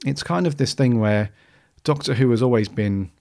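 A man's voice: medium pitch, moderate pace, creaky, a little mellow. A man hosting a podcast, talking casually and rambling with many restarts and fillers. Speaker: podcast host.

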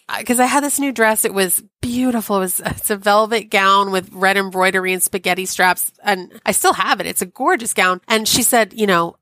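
A woman in her forties, a podcast guest, telling a personal story in a chatty, wry and animated way with many asides. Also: mid-range voice, dry recording. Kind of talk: storytelling in an interview.

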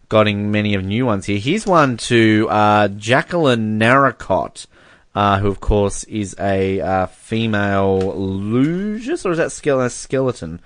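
A man's voice: on the low side, fairly bright tone, clean tone, no echo. A man co-hosting a podcast in casual chat, who laughs often while reading messages aloud. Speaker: podcast co-host.

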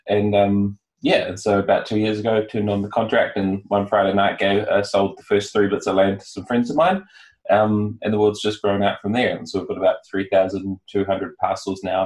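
Deep-voiced New Zealand man, roomy sound. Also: normal speed. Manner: relaxed, hesitant with many fillers. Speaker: guest, founder. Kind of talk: casual podcast interview.

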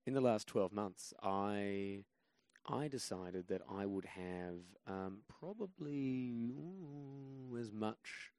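An Australian man in his twenties, a podcast guest telling stories in a measured, low-key way that turns animated as he goes. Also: clean tone, no room sound. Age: 20s. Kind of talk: casual storytelling chat.

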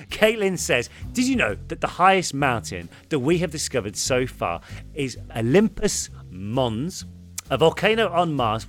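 Man, friendly podcast co-host, very animated pitch, faint music behind. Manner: friendly, animated, warm-hearted thanks. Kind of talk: casual chat.

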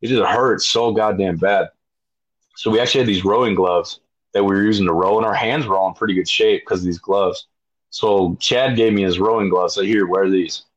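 A man, a podcast guest, telling a story with heavy swearing and loud acted-out shouts. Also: fairly low pitch, steady tone, a little fast, lo-fi sound. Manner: profane, emphatic, acts out his own shouts. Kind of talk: animated storytelling.

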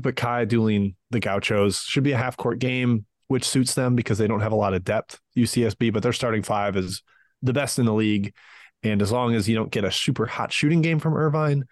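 A man co-hosts a casual sports betting podcast as a betting analyst, thinking out loud and weighing both sides before making a pick. His voice is mid-range and darkish, fairly quick, with no echo.

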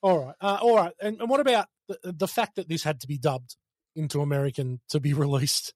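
A man with an Australian accent hosting a casual film review podcast, talking in an animated way, laughing and swearing. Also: fairly high pitch, brisk, no room sound, studio quality. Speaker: podcast host.

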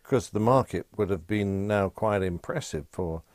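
A man's voice: on the low side, normal speed, no echo, studio quality. A man interviewing a guest in a chatty, agreeable way. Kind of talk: conversational interview.

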